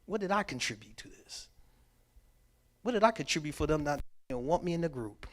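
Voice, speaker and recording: A man whose voice runs on the high side and moves fairly quickly speaks as a workshop speaker at a church mental health session. He's an animated, emphatic storyteller, acting out the lines of the people in his stories and repeating key words.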